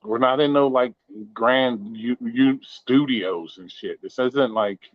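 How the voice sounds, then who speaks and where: A man's voice: mid-range voice, slow, dry recording. Male livestream host, loose and profane, rambling chat from his bedroom. Dry, dull home-mic sound. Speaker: live stream host. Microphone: modest home mic. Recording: dull lo-fi home stream audio.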